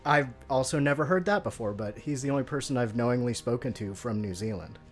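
A man from the American Midwest, guesting on a casual podcast. He laughs often and gets loud when excited, with a voice of ordinary pitch. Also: a little fast, faint music behind. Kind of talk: casual chat.

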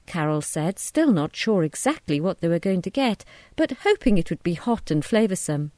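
A woman reading a short story aloud in a measured, descriptive narration. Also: lowish voice, very animated, dark tone, no echo, clean studio sound.

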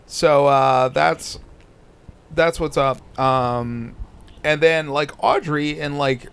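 A man's voice: a little high, slow pace, creaky, a bit bright, clean tone. Foul-mouthed sarcastic podcast host man. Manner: crude, swears constantly, sarcastic. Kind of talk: casual profane commentary.

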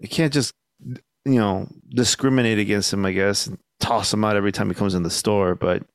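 A young man on a podcast telling a story in casual chat, laid-back and swearing a lot, acting out the shouted lines he quotes. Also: on the low side, fairly even intonation, fairly quick, smooth, no room sound, studio quality. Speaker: podcast co-host.

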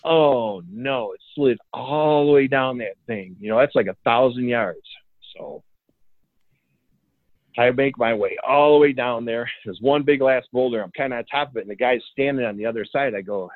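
A man's voice: medium pitch, normal speed, no room sound. A man from Michigan telling a long story in a laid-back, rambling way as a guest, playing out the dialogue as he goes. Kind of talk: casual storytelling. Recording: dry phone-like line.

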